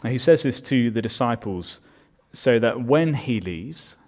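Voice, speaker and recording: A man's voice: mid-range voice, expressive, measured pace. A man preaching a sermon as pastor, earnest and building in volume on his key points.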